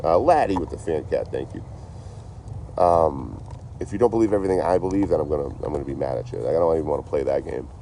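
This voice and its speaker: A very low-voiced man from around Boston rambles through a casual, swear-filled livestream. His tone is dark and mellow, recorded on a phone outdoors with faint vehicles passing. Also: expressive, fast, a little hiss or hum. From Boston area, US. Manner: rambling, profane, laid-back. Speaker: traveling livestreamer. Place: outdoors behind a store.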